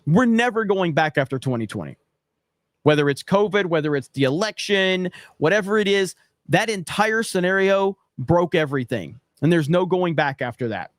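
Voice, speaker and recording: A man's voice: high-pitched, lively intonation, normal speed, no room sound, clean studio sound. A man hosting a podcast, giving casual, sarcastic commentary with mocking asides. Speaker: podcast host reacting to clips.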